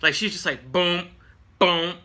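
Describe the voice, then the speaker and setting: A man's voice: sits high, measured pace, bright, forceful tone. A young man hosting his own show, casually recapping a comic book issue in a slangy, laid-back way and briefly acting out the characters' lines.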